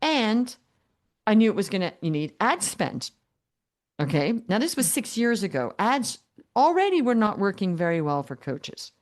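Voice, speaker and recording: An older woman guest telling her business story in an interview, animated and humorous, acting out both sides of past conversations. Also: medium pitch, normal speed. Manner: animated, acts out dialogue with quoted voices, humorous.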